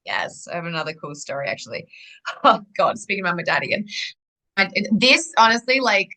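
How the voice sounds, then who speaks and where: A young adult woman, a guest in a casual interview, telling a personal story in a rambling, animated way full of restarts. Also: medium pitch, a little fast, poor audio.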